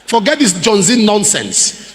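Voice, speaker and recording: A Nigerian man in middle age delivers a sermon in a high, animated voice that climbs and dips freely. He keeps asking the congregation whether they are following him. His words ring out with the long reverb of a large church hall. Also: measured pace. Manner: preachy, rhetorical questions to the congregation, acts out quoted voices. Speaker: pastor.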